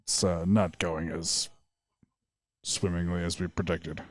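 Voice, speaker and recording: A man with a fairly low voice chats easily as a podcast co-host, agreeing and laughing along. His voice is dry and close to the mic. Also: flat delivery, no room sound. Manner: easygoing, agreeable, quick to laugh. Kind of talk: casual chat.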